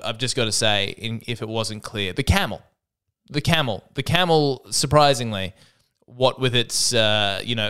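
Rambling man with a smooth voice. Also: mid-range voice, a bit bright. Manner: rambling, self-interrupting, wry asides. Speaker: podcast host. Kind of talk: solo comedic podcast monologue.

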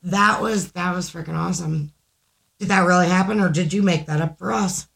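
A woman's voice: on the low side, fairly quick, creaky, noisy background. A woman co-hosting a casual podcast, reading listener stories aloud, chatty and swearing freely. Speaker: podcast co-host.

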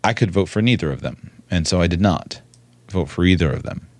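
A man giving spoken commentary in a measured, earnest way, repeating words for emphasis. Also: low-pitched, lively intonation, no echo.

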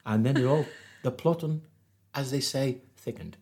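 Speaking in a mid-range voice at a moderate pace, a Geordie-accented podcast guest from northeast England casually recounts his travels. He's animated, laughs often and performs the quotes.

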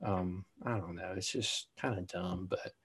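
A man's voice: sits low, a little slow, a bit bright, slightly rough. A young man co-hosting a podcast in casual chat, laid-back, saying "dude" and "like" a lot. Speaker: podcast co-host.

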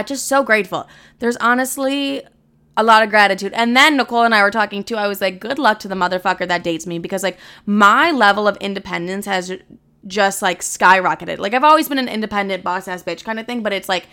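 A woman's voice: medium pitch, pushed and bright, smooth. Profane, chatty young woman host. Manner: candid, profane, rambling with many fillers. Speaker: podcast host. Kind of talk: casual chat.

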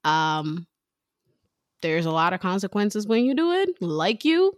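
A woman's voice: mid-range voice, big pitch swings, unhurried, no echo, studio quality. A woman in her thirties, a mother and co-host, chatting casually and acting out quoted lines as she tells a story.

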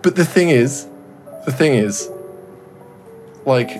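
A man's voice: mid-range voice, lively intonation, takes it slowly, a little mellow, soft background music. A man, co-hosting a podcast and telling a long rambling story in casual chat, swearing often and acting out what people said. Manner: rambling storyteller, swears a lot, acts out quotes. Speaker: podcast co-host.

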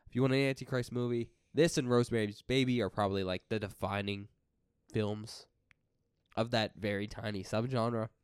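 Guy hosting a film podcast, smooth clear voice, measured, dry close mic. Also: on the low side, a little mellow, no room sound. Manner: measured, explains and leads the segments. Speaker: podcast co-host. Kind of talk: casual chat.

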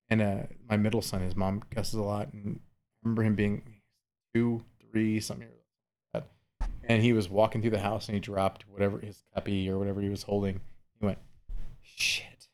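A man's voice: on the low side, fairly quick. Man telling profane stories. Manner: profane, animated storytelling. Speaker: podcast co-host. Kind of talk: casual podcast chat.

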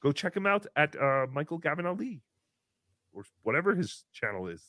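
A man doing Tukey, a whiny high-voiced showman. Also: very animated, a little fast, bright, forceful tone, slight background noise. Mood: excitable. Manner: speaks of himself in third person, whiny and melodramatic. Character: silly, self-pitying, nasal-voiced male showman. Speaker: livestream show host. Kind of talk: comedic live-stream character bit.

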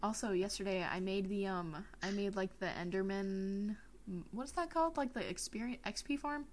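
A young woman co-hosting a podcast, telling stories in a giggly, animated way, swearing now and then. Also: medium pitch, normal speed. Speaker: podcast co-host. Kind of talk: casual chat.

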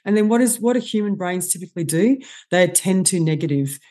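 A woman, a guest expert on stress, explaining with animated enthusiasm in a podcast interview. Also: lowish voice, brisk. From Australia.

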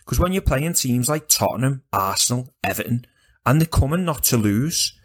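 A man chatting casually about football as a podcast co-host, animated and sweary, rambling with restarts. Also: medium pitch, moderate pace, slightly rough.

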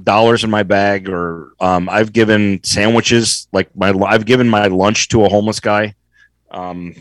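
Low-voiced man rambling in casual chat. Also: measured pace, dry recording. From Florida. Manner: relaxed, rambling, lots of ums. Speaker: podcast co-host.

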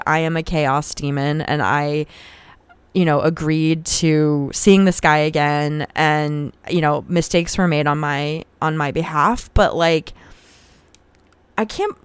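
Her low voice is clear and resonant, recorded with no room sound at all. The young podcast host shares a personal story in a frank, profane, casual manner, and retelling arguments makes her heated.

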